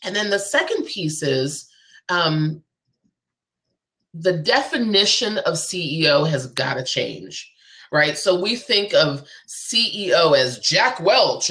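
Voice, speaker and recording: A woman's voice: on the low side, lively intonation, a little slow, sharp tone. A woman guest on a live show, a business coach talking in an emphatic, persuasive way and repeating her key phrases.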